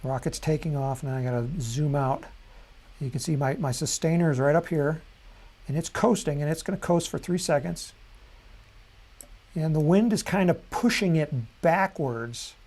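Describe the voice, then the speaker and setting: A man hosting a live software tutorial, talking casually and thinking aloud at his computer, with frequent ums and self-corrections. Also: fairly high pitch, normal speed. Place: at a computer desk.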